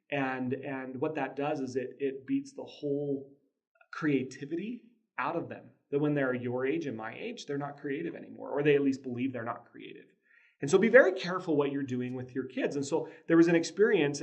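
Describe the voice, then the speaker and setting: A man hosting a casual motivational talk on parenting, telling a family story in an earnest way with chuckles and frequent restarts. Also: mid-range voice. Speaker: podcast host, father.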